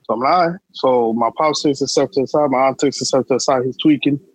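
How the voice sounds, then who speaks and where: A man's voice: mid-range voice, fast talker, breathy edge, rough recording. A young man, telling a long personal story on a podcast in emphatic street slang. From New York. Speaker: podcast co-host. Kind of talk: casual storytelling chat.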